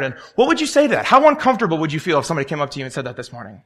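A man's voice: a little high, wildly swooping pitch, rapid-fire, few pauses, a bit bright. A young man preaching a sermon in a conversational way, telling stories and acting out the voices of the people in them. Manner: conversational, tells stories and acts out quoted voices.

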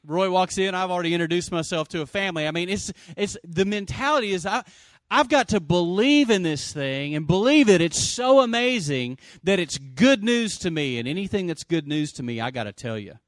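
A man preaching a sermon, calling for amens and swinging from loud exclamations to quiet asides. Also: high-pitched, lively intonation, fairly quick, no room sound, clean studio sound. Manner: calls for audience response. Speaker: pastor.

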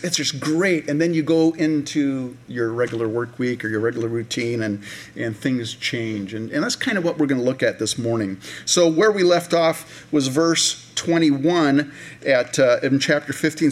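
Chatty male pastor preaching conversationally. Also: medium pitch. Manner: conversational, many fillers and restarts; acts out voices of people in the story. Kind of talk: sermon.

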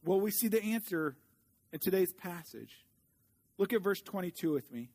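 A male pastor delivers a sermon in a notably high-pitched voice. He speaks earnestly and slows his pace when reading scripture. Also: expressive, a little mellow.

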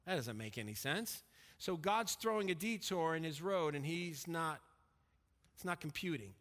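A middle-aged man preaching a sermon as pastor, emphatic and dropping to a quiet intensity when he tells a personal story. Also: fairly high pitch, animated, moderate pace. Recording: long reverb of a hall.

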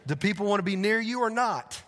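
A male pastor, preaching a sermon in a church with animated, conversational asides. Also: high-pitched, a little fast. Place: church sanctuary. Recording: long hall reverb.

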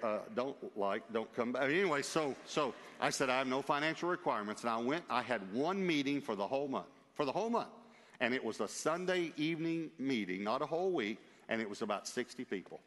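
A male preacher telling a personal story in an emphatic, lively way, with asides to his listeners, in a church. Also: mid-range voice. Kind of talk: storytelling sermon. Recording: long reverb of a large hall.

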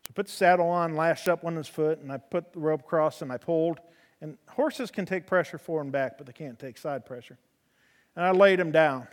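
A man preaching a sermon in folksy storytelling style with humor, swinging from loud emphasis to soft, low delivery. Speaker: preacher in a horse ministry. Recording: long hall reverb.

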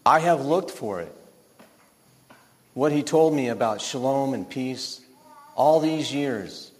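A middle-aged man playing a shepherd father, gently telling his son a story in a scripted monologue. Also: mid-range voice, animated, slow, big-room sound.

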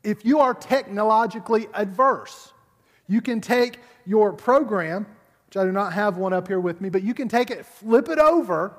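A man with a notably high voice preaches a sermon at a church service, chatty and conversational, doubling back on words as he presses his point. His voice rings out with a long reverb, as if carried through a big hall. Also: animated, moderate pace. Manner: conversational, repeats words while building a point. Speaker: pastor.

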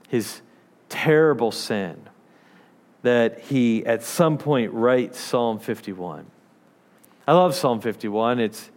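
A man preaching a conversational sermon who often repeats words as he finds his phrasing, then reads scripture aloud. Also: medium pitch. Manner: earnest, repeats words while searching for phrasing.

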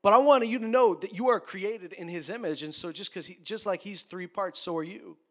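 A man preaching a sermon as a pastor, talking conversationally and joking with quick asides. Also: high voice.

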